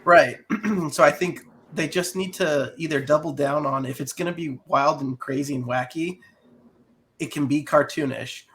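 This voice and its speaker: A man's voice: fairly high pitch, normal speed, a bit bright, a little hiss or hum. A man co-hosting a podcast, talking in rambling, hesitant casual chat. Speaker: podcast co-host.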